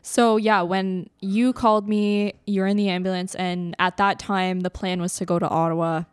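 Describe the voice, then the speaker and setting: Chatty young woman, crisp dry voice. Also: mid-range voice, level tone, moderate pace, no room sound. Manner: chatty, frequent "like", laughs between lines. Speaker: podcast co-host. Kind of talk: casual storytelling.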